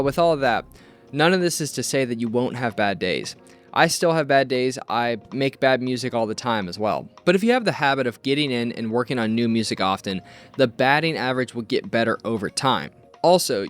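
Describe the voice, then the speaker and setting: A man who hosts a channel as an electronic music producer, giving steady, scripted advice to camera. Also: mid-range voice.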